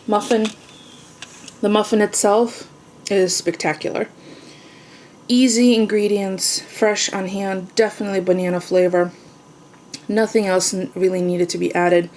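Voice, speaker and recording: A woman's voice: medium pitch, darkish tone, a little hiss or hum. A woman casually talking through a home baking demonstration, chatty and self-teasing, tasting as she goes. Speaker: home cooking vlogger. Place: home kitchen.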